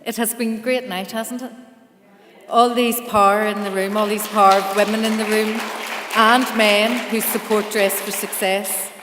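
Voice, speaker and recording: A woman's voice: medium pitch, level tone, normal speed, a crowd in the background, noisy background. A woman in her fifties from Northern Ireland, telling her personal story candidly at a charity ceremony. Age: 50s. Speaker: charity staff speaker. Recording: echoey hall with long reverb.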